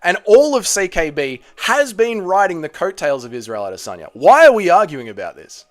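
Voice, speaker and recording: A young man hosting a live watch-party stream, arguing with his chat in a heated, profane rant. His pitch sits a bit high and swings widely as he gets worked up. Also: very animated, a little fast. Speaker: streamer host.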